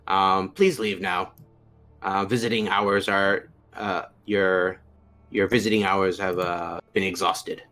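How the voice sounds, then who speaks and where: A man voicing a stern male warforged construct who speaks slowly in short, cold phrases in a tabletop game. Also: low-pitched, level tone, a bit bright, faint music behind. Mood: curt. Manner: slow, clipped, cold.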